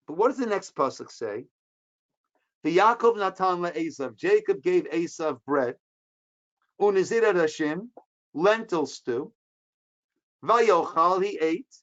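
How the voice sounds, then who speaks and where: A man's voice: high voice, highs cut off. A man, a rabbi, teaching a Torah class, explaining the text line by line, asking questions and answering them, and acting out the speakers in short quoted bits. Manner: acts out the speakers with quick dramatic quotes.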